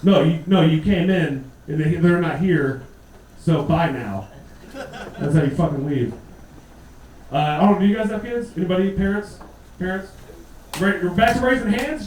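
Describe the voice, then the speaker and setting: A man in his thirties performing a profane stand-up set, loud and punchy, slipping into mocking put-on voices. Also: sits high, normal speed, long pauses, slight background noise. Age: 30s. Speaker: stand-up comedian. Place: comedy club stage. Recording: echoey club, mic heard from a distance, laughing crowd.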